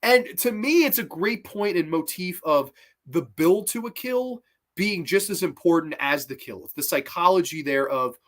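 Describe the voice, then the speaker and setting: A man giving a casual review of old horror films, excitable and swearing freely. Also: sits high, moderate pace.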